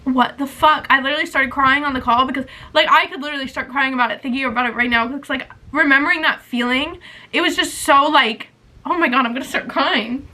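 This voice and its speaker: A woman's voice: sits high, quick pace, bright, forceful tone, poor audio. A young woman in her twenties vlogging, chatting in a rambling, emotional, confessional way with lots of "like". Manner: rambling, heavy use of "like", emotional. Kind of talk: casual confessional chat.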